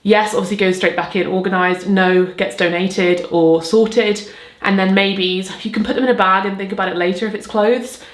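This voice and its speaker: A woman chatting casually in a relaxed, rambling way as a lifestyle vlogger, talking to camera in her bathroom at home. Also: mid-range voice, moderate pace. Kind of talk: casual vlog chat while tidying. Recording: echoey bathroom.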